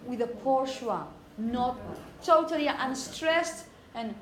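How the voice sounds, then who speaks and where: A woman teaching phonetics to a class, saying example words slowly and often asking "okay?". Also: high voice, a bit bright, slight background noise. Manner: repeats words slowly to model pronunciation; asks "okay?" often to check understanding. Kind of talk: classroom lecture.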